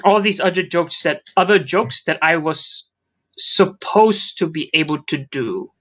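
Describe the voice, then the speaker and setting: A man co-hosts a podcast with casual, rambling, sarcastic chat and offhand swearing. His voice is fairly high and a bit bright, and he keeps a measured pace.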